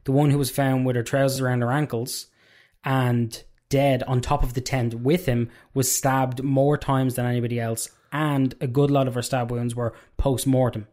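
A man's voice: mid-range voice, level tone, moderate pace, darkish tone. A man co-hosting a casual true-crime podcast, talking bluntly. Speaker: podcast co-host.

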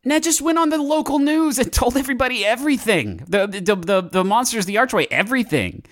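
A jittery young man who stammers and trips over his words, as a man puts him on. His voice sits high and comes out in a fast, flustered tumble. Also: expressive, a bit bright. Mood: panicked. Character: young man, panicky and rambling.

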